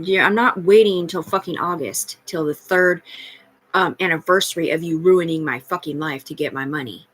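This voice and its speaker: A woman's voice: fairly low pitch, fairly bright tone, slightly rough, poor audio. A woman ranting on a livestream in a rambling, profane, agitated monologue that jumps between topics. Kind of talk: rambling live-stream monologue.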